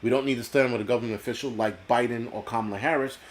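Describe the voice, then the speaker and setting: A man from the United States talks at an ordinary middle pitch while running a live stream. He rants bluntly and swears often, answering chat in a rambling flow. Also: fairly even intonation, rapid-fire. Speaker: host. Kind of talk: ranting live-stream talk reading chat.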